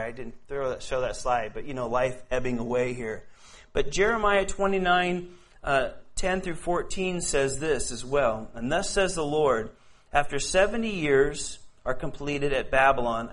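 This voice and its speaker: A man preaching a sermon and reading scripture aloud in an earnest way, often stumbling over his words and restarting. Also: fairly high pitch. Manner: earnest, frequent stammered restarts. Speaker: pastor.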